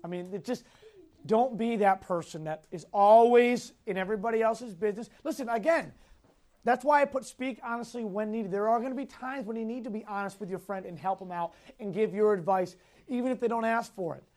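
A youth Bible teacher with a high, slightly mellow voice talks a little fast while giving a Sunday school lesson. He repeats the central points, checks in with questions, and chuckles often as personal stories come up.

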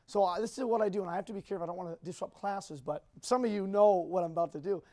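Man telling a halting, emotional story. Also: high-pitched, warm tone. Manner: halting, emotional, rambling retelling. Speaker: speaker addressing a group. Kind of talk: personal storytelling.

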